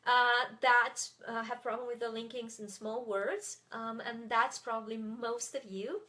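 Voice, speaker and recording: A woman's voice: on the high side, steady tone, measured pace, bright, forceful tone. French-accented woman teaching, chatty with fillers. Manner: chatty, many fillers and restarts. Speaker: French tutor. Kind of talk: live webinar teaching.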